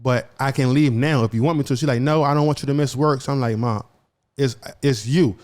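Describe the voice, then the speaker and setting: Speaking fairly quickly at medium pitch with a darkish tone, this young podcast co-host shares something that happened to him. In the relaxed chat he performs every side of the exchanges he describes, frequently restarting and repeating his words.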